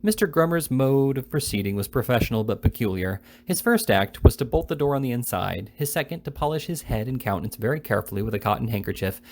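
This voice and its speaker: A man's voice: medium pitch, quick pace, few pauses, slight background noise. Man reading a classic novel aloud. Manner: steady reading with occasional slips and restarts. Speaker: reader.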